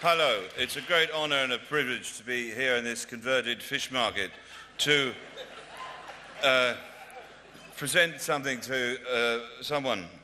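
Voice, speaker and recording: A male comedian presenting an award at a ceremony in a large converted hall, delivering dry, deadpan, mock-pompous stand-up. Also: mid-range voice, measured pace. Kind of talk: stand-up style presentation speech. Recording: reverberant hall with faint noise.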